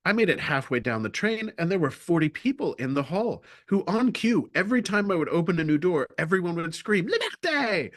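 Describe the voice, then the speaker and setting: A man presenting a webinar, telling a comic story with lively timing and then turning to his main points. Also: on the high side, a little fast, few pauses. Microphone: video call.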